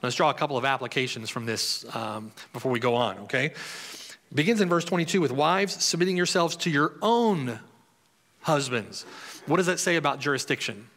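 A man's voice: medium pitch, normal speed, fairly bright tone. A pastor giving a conversational sermon, reading scripture and putting questions to his congregation. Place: church hall. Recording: long hall reverb.

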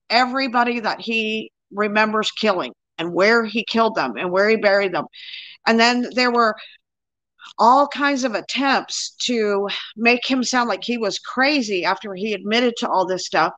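A woman's voice: medium pitch, a bit bright, dry recording, rough recording. A woman guest, an author and crime investigator, talking earnestly and insistently in a casual interview.

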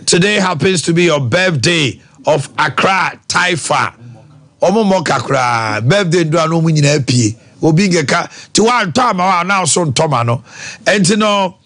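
A man with a Ghanaian accent hosting a radio show, reading birthday shout-outs and discussing politics in a studio. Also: a little high, expressive. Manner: rapid list of names, bursts into sung greetings.

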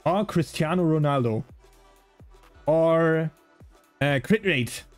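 A man's voice: a little high, animated, slow pace, soft background music. A man with a slight German accent, a native German speaker, streaming a game and bantering with chat in a playful, rambling way. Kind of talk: casual gaming livestream chat.

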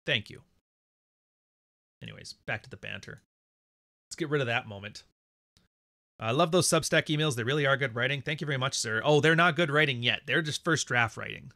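A man's voice: medium pitch, fairly quick, creaky, long pauses, sharp tone, no room sound, studio quality. A Canadian man hosting a casual livestream, talking in a blunt, profane, rambling way. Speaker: podcast host.

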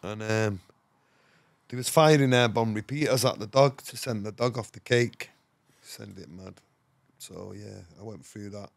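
A man's voice: fairly low pitch, unhurried, gravelly, dry recording. An English man, a podcast guest, tells a rambling story in casual, slangy talk and swears often. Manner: rambling, swears often, slangy, fillers like "you know what I mean".

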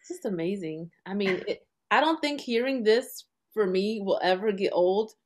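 A woman's voice: medium pitch, lively intonation, moderate pace, darkish tone. A woman hosting an interview, responding with empathy and reflecting on the guest's story. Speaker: host. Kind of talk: supportive interview talk.

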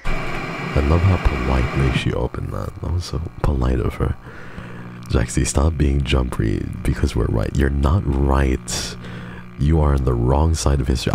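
A man's voice: very deep voice, moderate pace, gravelly, darkish tone, slight background noise. A young man streaming a game, bantering with his chat in a profane, teasing way. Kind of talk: casual game stream chatter.

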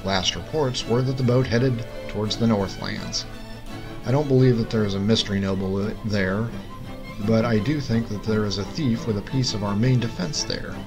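A man playing a booming, scolding king. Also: normal speed, natural voice, rough recording. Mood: stern. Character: angry, exasperated male king. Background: music.

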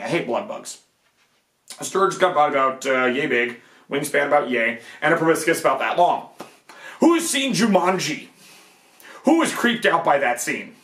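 Animated man ranting with rhetorical asides. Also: on the high side, echoey room. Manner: animated, rhetorical questions, frequent "okay?" asides. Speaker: video essay host. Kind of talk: casual monologue on fantasy gaming.

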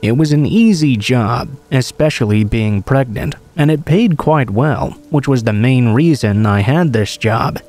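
A man narrating a first-person true horror story in a steady, measured way. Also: medium pitch, soft background music.

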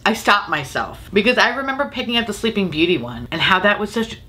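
A woman's voice: medium pitch, big pitch swings, quick pace, sharp tone. A woman hosting a casual makeup review, swearing freely, exasperated and laughing often. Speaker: beauty video host.

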